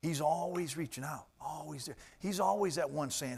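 Animated male preacher, hushed to booming. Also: normal speed, creaky, slightly rough. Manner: animated, swings from hushed to loud and emphatic. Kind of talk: sermon.

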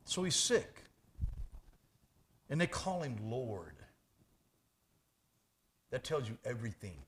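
A man preaching a sermon as pastor, animated and conversational, jumping from loud bursts to hushed asides. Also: mid-range voice, takes it slowly.

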